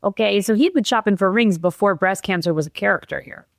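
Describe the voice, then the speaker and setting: Woman, middle-aged, podcast guest, animated storytelling, acts out quotes, near tears at times, dry close sound. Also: medium pitch, a little fast, gravelly, dry recording. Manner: animated, acts out quotes, laughs while telling. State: tearful at moments. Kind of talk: emotional personal storytelling.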